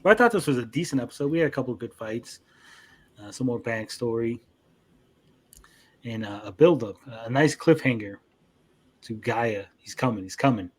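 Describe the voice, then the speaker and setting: A man's voice: mid-range voice, lively intonation. Casual swearing young man recapping anime. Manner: profane, acts out characters in quick voices. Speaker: anime review co-host. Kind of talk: casual chat recapping episodes.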